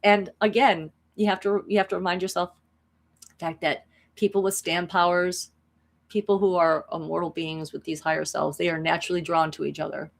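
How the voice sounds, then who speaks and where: Brief: a chatty woman vlogger retelling a story, rambling, lowish voice. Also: a little fast, vocal fry. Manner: animated, rambling, many restarts. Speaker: spiritual vlogger.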